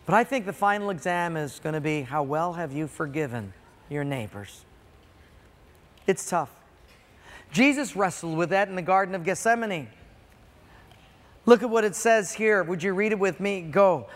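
A man preaching a sermon to a congregation, dramatic, swinging between loud emphasis and quiet, drawn-out words. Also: sits high, lively intonation. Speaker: pastor. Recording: long hall reverb.

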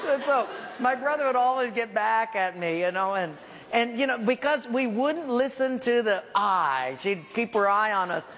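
A man's voice: sits high, moderate pace. A middle-aged man, a pastor, telling a self-mocking story in a sermon and acting out the voices in it. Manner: animated, self-mocking, acts out the voices in his stories. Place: church hall. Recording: reverberant hall with faint background hiss.

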